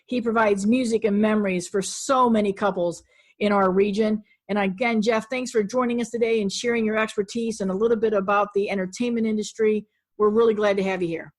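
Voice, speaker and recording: A woman's voice: mid-range voice, fairly even intonation, brisk. A woman hosting an interview podcast, upbeat and speaking straight to her listeners. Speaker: podcast host.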